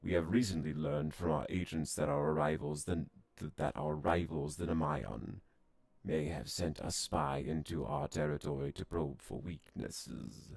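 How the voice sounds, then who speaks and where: A man voicing a proud, wary alien envoy from a space game, reading its lines in a formal, measured way. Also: low voice, big pitch swings, creaky, a little mellow, dry recording, exaggerated voice. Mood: stern. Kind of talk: reading game dialogue aloud.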